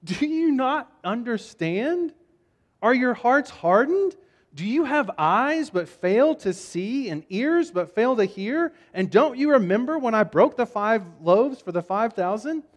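A man's voice: very high voice, lively intonation, brisk, hardly any pauses, long reverb tail, voice pushed up. A man reading Jesus's words aloud in a sermon, playing him as an exasperated teacher who questions his followers. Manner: questioning, scolding lines read aloud with emphasis.

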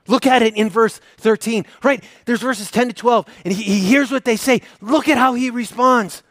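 A male pastor preaching a sermon, earnest, swinging from emphatic to hushed and intimate. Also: high-pitched, dry recording, studio quality.

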